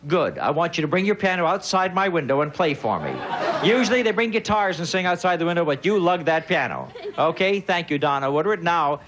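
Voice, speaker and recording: A man hosting a game show with lively, joking banter, teasing the contestants. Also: on the high side, a little fast. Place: large television studio. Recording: live studio audience and noise behind.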